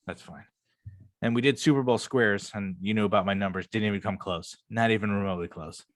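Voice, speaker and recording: A young man with a fairly low voice talks through a casual podcast chat, rambling loosely and dropping plenty of swear words. The sound is dry and close, with no room echo. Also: a little fast. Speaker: podcast co-host.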